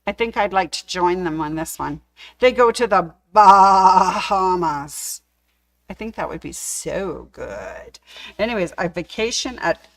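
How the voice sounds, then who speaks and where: Chatty woman, slow and fond. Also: mid-range voice. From Canada. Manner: chatty, fond, with small jokes. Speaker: sewing store host. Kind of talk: casual product showcase.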